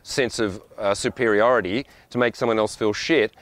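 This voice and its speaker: Host type, lower male voice, blunt and sweary, rambling monologue, dry close sound. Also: steady tone, moderate pace, fairly bright tone, no echo. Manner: blunt, profane, rambling with frequent asides. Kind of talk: casual monologue.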